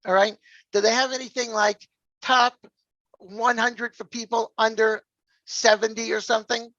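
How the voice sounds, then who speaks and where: A man's voice: very high voice, level tone, moderate pace, pushed and bright, no room sound. A man, hosting a podcast in a chatty, joking way. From New York area. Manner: chatty, jokey, peppers lines with "all right?". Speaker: podcast host. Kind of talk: casual podcast chat. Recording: dull, dry lo-fi sound.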